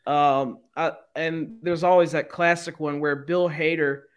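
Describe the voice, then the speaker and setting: An animated male podcast co-host with a fairly high voice who swears casually and laughs easily. He talks loosely, with plenty of fillers and restarts in a relaxed chat. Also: measured pace, smooth.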